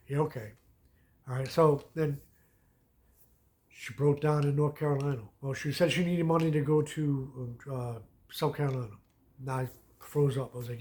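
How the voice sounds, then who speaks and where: A man's voice: mid-range voice, fairly even intonation, a little fast, mellow. Profane rambling man telling a story. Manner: profane, rambling, repeats "you know what I mean". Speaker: vlogger. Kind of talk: casual storytelling rant.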